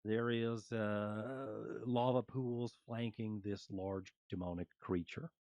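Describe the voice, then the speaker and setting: A man running a tabletop fantasy game as game master, describing the scene in halting narration full of fillers. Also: fairly low pitch, steady tone, darkish tone, no echo, dull audio.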